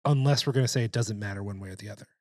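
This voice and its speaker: A man co-hosting a casual film chat, opinionated and profane, talking in an animated way. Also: lowish voice, very fast, dry recording, studio quality.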